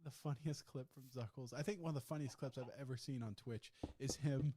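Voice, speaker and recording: A man's voice: mid-range voice, fairly even intonation, a little fast, background noise. A man hosting a podcast in casual chat, laughing often and swearing freely. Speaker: podcast host.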